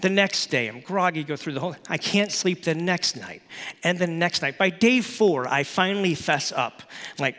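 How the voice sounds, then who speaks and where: A middle-aged man preaching a sermon, telling a story from his youth with lively acted-out voices. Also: fairly high pitch, moderate pace, big-room sound. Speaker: pastor.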